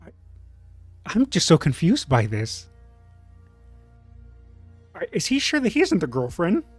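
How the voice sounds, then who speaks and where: A man's voice: high voice, darkish tone, no room sound. A man streaming, reading online posts aloud and reacting with opinionated, rambling commentary full of fillers and restarts.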